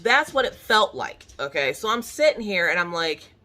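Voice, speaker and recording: A woman in her thirties casually telling viewers a story from home, animated and full of "like", acting out her own reactions. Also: medium pitch, moderate pace. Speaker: crafting channel host.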